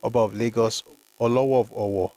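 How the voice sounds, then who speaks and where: A mid-range, mellow voice with a steady tone moves fast through historical documents on this host's livestream, with no room sound. He reads aloud, comments emphatically, calls on viewers by name, and uses Yoruba phrases.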